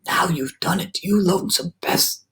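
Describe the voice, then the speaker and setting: A man's voice: sits high, normal speed, husky, heavily acted. A man doing a fearful whispering earthworm. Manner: frightened, hushed, whispering. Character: timid fretful male earthworm, fearful.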